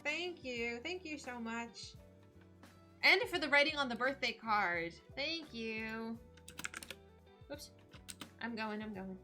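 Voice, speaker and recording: A woman in her thirties, a streamer chatting casually on a live stream and opening gifts in a bubbly, excitable way. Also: a little high, slow pace, pauses often, faint music behind. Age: 30s.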